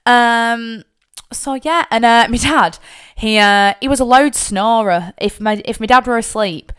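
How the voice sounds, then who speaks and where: A young woman with a Lancashire accent, Northern English, hosts a podcast and delivers a personal storytelling monologue. Her voice sits a little high, clean in tone and unhurried. She's chatty and candid, swears freely, and gets animated when acting out her family.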